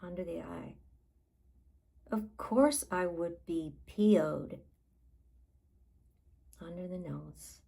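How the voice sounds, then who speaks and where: Slow, gravelly-voiced woman life coach. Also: lowish voice, rough recording. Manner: calm, unhurried guiding with pauses. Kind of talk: guided tapping session.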